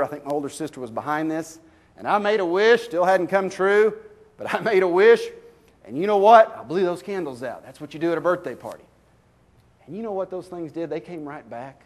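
A fairly high-voiced man preaching. He tells folksy stories and fires rhetorical questions at the congregation, swinging from loud bursts to slow, emphatic lines. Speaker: pastor. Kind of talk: sermon.

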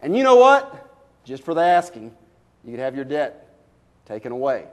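A man preaching a sermon as a pastor, with folksy stories, rhetorical questions, sudden loud bursts and slow emphatic drops. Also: medium pitch, very animated.

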